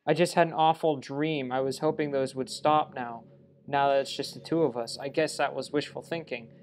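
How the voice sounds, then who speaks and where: A man's voice: medium pitch, steady tone, normal speed, slight background noise, natural voice. A man playing through a game and reading a lovestruck young woman character's lines aloud in his own voice, with small stumbles along the way. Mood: uneasy. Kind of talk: let's play reading game dialogue aloud.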